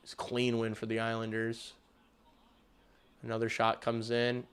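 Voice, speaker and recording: Guy doing casual hockey play-by-play on a stream, bright forceful voice, gets hyped on big plays and swears a bit. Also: unhurried, clean tone. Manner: excitable, jumps loud and high on big plays, swears. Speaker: hockey livestream host. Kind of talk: casual live play-by-play commentary.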